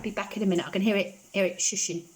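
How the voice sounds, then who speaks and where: A woman chatting casually while she cooks in her home kitchen, repeating gentle, reassuring phrases. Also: medium pitch, fairly even intonation, very fast, background noise. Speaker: home cooking vlogger. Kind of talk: casual chat while cooking.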